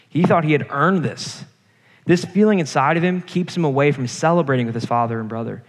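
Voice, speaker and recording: Young man preaching in an echoing hall. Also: medium pitch. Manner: earnest, personal storytelling preacher. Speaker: campus ministry speaker. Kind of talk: sermon. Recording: reverberant hall.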